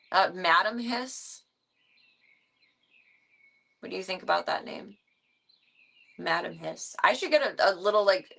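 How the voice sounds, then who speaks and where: A woman's voice: gravelly, sharp tone. A young woman streaming from home, chatting casually with viewers about her pets, giggly and talkative. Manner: chatty, giggly, talks in a high sing-song baby voice to her cats. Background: bird sounds and fan noise.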